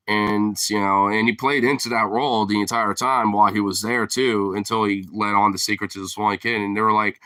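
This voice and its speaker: Bright, rambling, profane casual man. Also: fairly low pitch, normal speed, no room sound. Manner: rambling, profane, heavy on fillers; laughs often while talking. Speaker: streamer host. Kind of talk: casual chat.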